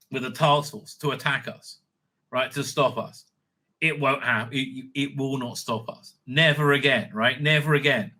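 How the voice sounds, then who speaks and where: A man hosting a casual monologue, rambling with many restarts and sudden excited bursts. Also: fairly high pitch. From Israel. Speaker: host.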